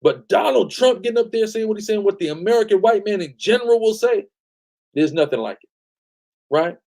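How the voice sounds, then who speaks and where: Higher-voiced guy preaching on a stream, keeps saying right? and go ahead. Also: lively intonation, fairly quick, a little mellow. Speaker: host leading a scripture study. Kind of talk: live-stream bible teaching.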